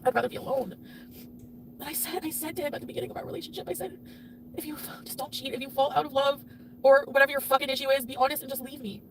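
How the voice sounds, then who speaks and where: Furious high-voiced woman ranting fast. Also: steady tone, creaky, noisy background. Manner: angry, swearing, voice swinging between loud outbursts and quiet mutters. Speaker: livestreamer being reacted to. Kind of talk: emotional livestream rant.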